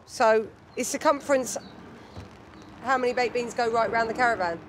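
A woman's voice: a little high, normal speed, a little hiss or hum. A woman competing on a comedy show, flustered and self-mocking as she works out sums aloud. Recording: music and studio audience behind.

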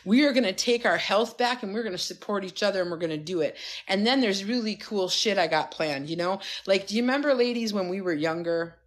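A woman's voice: mid-range voice, brisk. A woman coach on a phone livestream, giving a fired-up, profane pep talk to her followers. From United States. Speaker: wellness coach.

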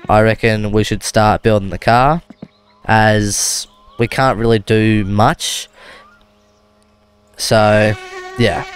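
A man with an Australian accent giving loose, rambling gameplay commentary, often correcting himself mid-sentence. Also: fairly low pitch. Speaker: gaming video host. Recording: car engine noise behind.

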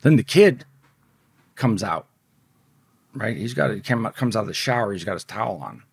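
A man's voice: on the low side, animated, moderate pace, vocal fry, husky, dry recording, clean studio sound. A man telling a story from his past in casual, profane speech, often acting out the voices of the people in it. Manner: profane, vivid, acts out quoted voices.

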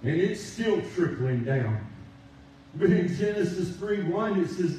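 A man preaching a sermon, drawing out his emphasis and pausing for responses from the congregation. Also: sits high, animated, dark tone, slight background noise. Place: church sanctuary. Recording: echoey church from a distance.

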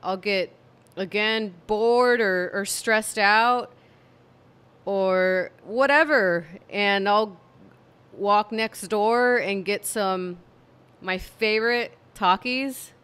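Woman, vlogger, fatigued, monotone, slow, smooth voice, home talk. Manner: tired, low-energy and monotone. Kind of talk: casual talk to camera. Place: home room with candle and cats.

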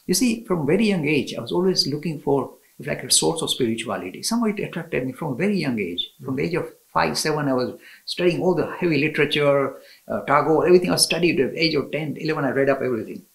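A man's voice: a little high, animated, quick pace, gravelly, rough recording. A man telling spiritual stories as an interview guest, enthusiastic, often laughing and restarting his sentences. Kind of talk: storytelling in a conversation.

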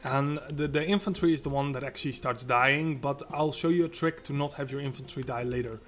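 A man's voice: mid-range voice, fairly quick. Rambling man narrating his gameplay. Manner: rambling, talks to himself and the game. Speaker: let's play host. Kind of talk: casual gameplay commentary. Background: loud game music.

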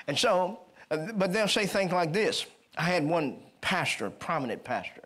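A man preaching a sermon at a church service, calling for amens and slipping into quick conversational storytelling. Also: a little high, sing-song, fairly bright tone. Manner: rising to emphatic call-and-response, then quick conversational storytelling.

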